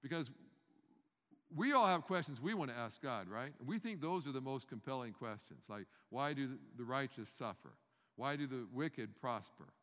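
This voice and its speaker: A man delivers a sermon conversationally, pausing to pose rhetorical questions to the congregation and restarting or circling back over his words. His mid-range voice has a fairly bright tone, and a large hall's long reverb surrounds the sound.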